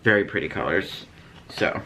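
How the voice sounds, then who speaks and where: A woman's voice: extremely low pitch, normal speed, creaky, fairly bright tone, a little hiss or hum. A woman hosting a beauty unboxing vlog, chatting in an easygoing way. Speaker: beauty vlogger host. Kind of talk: casual unboxing chat.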